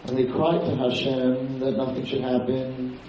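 A man's voice: mid-range voice, monotone, measured pace, noisy background. A man giving a lecture on liturgy. He tells the story dramatically with quoted speech and chants some lines. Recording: very echoey room, distant mic, dull lo-fi sound.

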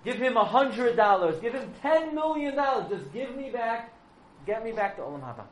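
A man voicing the desperate, tormented ghost of a dead husband, yelling and pleading in a story. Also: sits high, big pitch swings, fairly quick, echoey room, a little hiss or hum, pitched above the performer's own voice, rough recording. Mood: frantic pleading. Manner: yelling, frantic.

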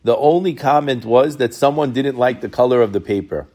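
Man, middle-aged, from Brooklyn, congregation Torah talk, quoting Hebrew and Aramaic then explaining, conversational, mid pitch. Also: brisk, darkish tone. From Brooklyn, New York. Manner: retells midrash in Hebrew then English, conversational.

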